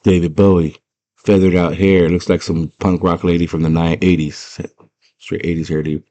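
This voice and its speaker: A man in a casual, slangy movie recap, retelling scenes as an animated storyteller. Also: low-pitched, moderate pace. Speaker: movie fan retelling a film.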